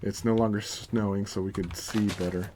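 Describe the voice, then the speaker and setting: A man with a fairly low voice chats through his gameplay stream, narrating each move in a loose, self-amused way and now and then going mock-grandiose. Faint keyboard typing sits under his voice. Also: fairly even intonation, moderate pace, background noise. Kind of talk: casual gameplay commentary.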